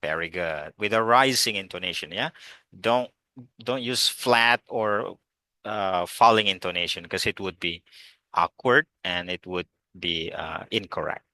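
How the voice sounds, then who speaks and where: A man's voice: low-pitched, unhurried, bright, forceful tone, no echo. A man teaching an online English class, encouraging students and calling on them by name.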